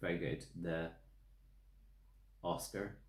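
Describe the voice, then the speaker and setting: Deep-voiced man chatting. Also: fairly even intonation. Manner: jokey, self-mocking, quick asides. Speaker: podcast co-host. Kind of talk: casual chat. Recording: roomy echo.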